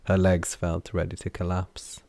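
A man reading a fantasy novel aloud in measured, scripted narration. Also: deep voice, monotone, darkish tone, dry recording. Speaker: audiobook narrator.

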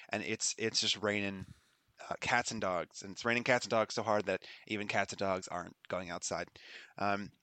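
A man's voice: on the low side, pushed and bright, no echo. A man narrating a tabletop game as game master, rambling and laughing as he goes. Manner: rambling, laughing, self-correcting.

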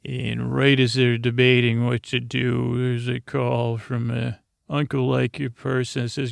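A podcast host with a medium-pitched, flat voice and some vocal fry narrates a rambling bedtime story. He goes slowly, meandering with fillers and frequent restarts, recorded cleanly in a studio with no room sound.

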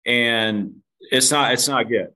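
Speaking slowly in a medium-pitched, pushed, bright voice, this podcast guest candidly shares something from his own life. He pokes fun at himself, swears offhandedly, and addresses the host as "dude."

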